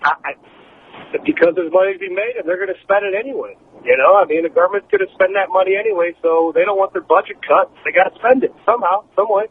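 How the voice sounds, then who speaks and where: A man's voice: sits high, fast talker. A man calling into a radio show, blunt and matter-of-fact, swearing casually. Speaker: caller. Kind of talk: phone-in call. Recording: tinny phone line with faint noise.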